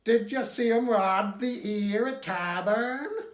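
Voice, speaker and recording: A man's voice: very high voice, slow, voice pushed up. A man voicing an eager, slightly odd English astronomer who talks in an earnest, insistent way. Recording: echoey room.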